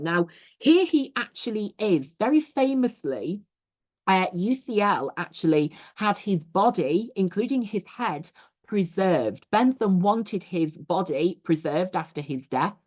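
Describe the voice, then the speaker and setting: A woman's voice: mid-range voice, a little mellow. A young adult woman from England, a teacher giving a recorded lecture over slides, explaining steadily with frequent 'you know' asides. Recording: dull lo-fi audio.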